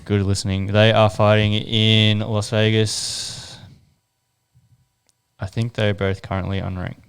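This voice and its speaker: An Australian man on a sports podcast, reading out details he has looked up in a measured way. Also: on the low side, flat delivery, clean tone. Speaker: podcast co-host looking things up. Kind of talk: casual chat.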